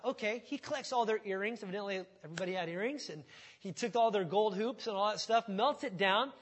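A male pastor preaching a sermon with animated storytelling, swinging from loud bursts to hushed tones. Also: sits high, fast talker.

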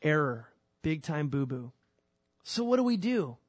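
A man preaching a sermon in a relaxed, everyday manner, pushing some lines out loud and dropping others to a quiet, earnest tone. His voice sits a little high for a man. The sound is close and dry, with no room around it. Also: unhurried, husky, dry recording, muffled recording. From California. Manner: animated, colloquial preaching that swings between loud emphasis and quiet, earnest lines. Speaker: pastor.

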